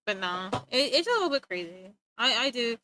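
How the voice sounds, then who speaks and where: Woman streamer, casual chat while drawing; high, sharp voice, animated and self-mocking. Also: slight background noise, poor audio. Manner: animated, joking, self-mocking, quick to laugh. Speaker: livestreamer.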